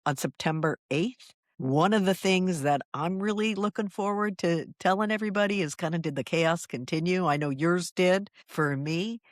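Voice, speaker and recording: A woman's voice: lowish voice, moderate pace, hardly any pauses, no echo. Woman, teasing co-host, laughs easily, dry close mic. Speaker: podcast co-host. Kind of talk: casual chat.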